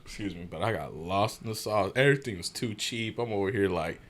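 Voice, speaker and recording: Slangy young guy with a low voice. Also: brisk, a little hiss or hum. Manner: slangy, swears freely, acts out quotes in other voices. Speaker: podcast guest. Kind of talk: casual storytelling chat.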